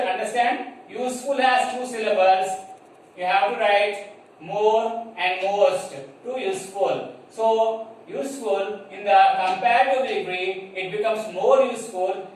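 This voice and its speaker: Man teacher, Indian English accent, high voice, spells out letters, echoey classroom from far off. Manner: slow, repeats words and spells letters out, checks understanding. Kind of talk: classroom grammar lesson. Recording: echoey room from far off, faint noise.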